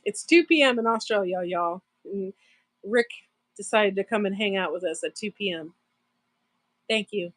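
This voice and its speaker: A woman's voice: medium pitch, normal speed, long pauses, no room sound. A woman hosting a casual live stream from her farm channel, rambling, laughing often and answering viewers in the chat. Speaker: farm channel livestream host.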